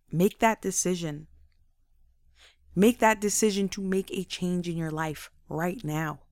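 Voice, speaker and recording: A woman giving a faith-based motivational monologue, energetic and acting out inner voices in quick asides. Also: medium pitch, no echo, studio quality. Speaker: motivational speaker.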